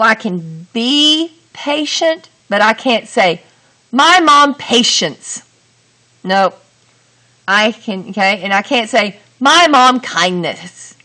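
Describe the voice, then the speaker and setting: Woman teacher, unhurried and bright-toned, walks students through each sentence step by step. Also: mid-range voice. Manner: slow, deliberate, talks through each step. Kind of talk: grammar lesson.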